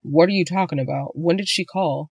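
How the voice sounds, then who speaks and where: A woman's voice: fairly low pitch, brisk, darkish tone, husky, no echo. A woman voicing a cheating husband who stumbles over his words and pleads, in a dry audiobook reading. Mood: nervous. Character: cheating husband, nervous and apologetic.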